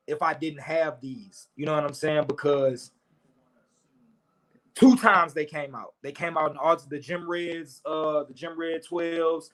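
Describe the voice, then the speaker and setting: A man's voice: a little high, takes it slowly, a bit bright. A man from St. Louis talking casually about his sneakers, rambling and leaning on "you know what I'm saying". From St. Louis, USA. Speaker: sneaker battle contestant. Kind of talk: casual chat.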